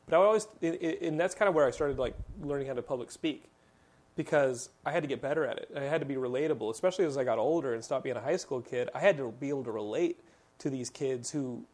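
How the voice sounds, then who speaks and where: A man's voice: medium pitch, quick pace, darkish tone. A man in his thirties from Texas, hosting a podcast and telling long, rambling stories full of fillers. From Texas, USA. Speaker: podcast host. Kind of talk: casual podcast chat.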